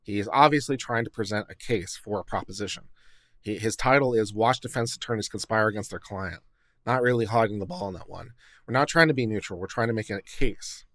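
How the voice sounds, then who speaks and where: A fairly low-pitched man talks through a casual livestream reaction as its host, a lawyer who circles his points with fillers, restarts and "you know". His voice sits close and dry on the mic, with no room sound around it. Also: fairly quick, fairly bright tone, dry recording. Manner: conversational, hedging, many fillers and restarts.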